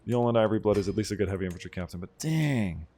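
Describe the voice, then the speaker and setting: A man hosting a strategy game playthrough, chatting casually and bursting into loud mock outrage and cheering. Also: lowish voice, animated, very fast, a little hiss or hum. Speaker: gaming video host. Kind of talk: casual let's-play commentary.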